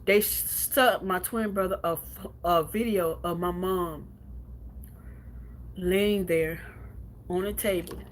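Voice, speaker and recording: A woman's voice: lowish voice, steady tone, takes it slowly, pauses often, slight background noise. A woman livestreaming from home, telling a painful personal story in a blunt, profane way with lots of repetition, then reading out viewer comments.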